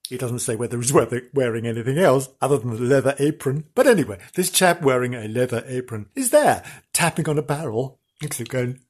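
Man host, comic ghost-story teller, husky, lively pitch, playful and theatrical. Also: fairly quick, hardly any pauses. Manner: theatrical, playful, full of innuendo and asides. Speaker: podcast host. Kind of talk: comedic ghost-story telling.

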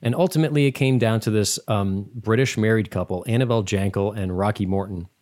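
A man's voice: on the low side, quick pace, a little mellow, no echo, clean studio sound. A man co-hosting a podcast in casual chat, rambling loosely and laughing often. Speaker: podcast co-host.

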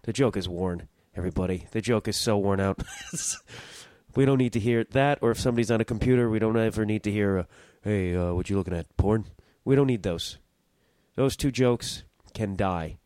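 Young guy podcast host, kinda low voice, rambles and restarts, dry close sound. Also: fairly quick, a little mellow, no room sound. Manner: rambling, self-interrupting, swears casually. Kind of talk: casual comic storytelling.

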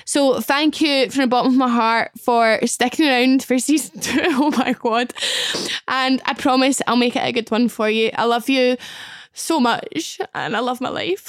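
A woman's voice: high voice, moderate pace, no room sound, studio quality. A Scottish woman in her twenties hosting a podcast, gushing and emotional, often laughing as she chats casually. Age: 20s. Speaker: podcast host. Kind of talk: casual chat.

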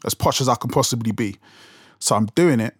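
A man's voice: medium pitch, brisk, slightly rough, no echo, studio quality. A young man with a London accent, talking casually as a podcast host, rambling with restarts and fillers. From England. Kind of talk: casual solo talk.

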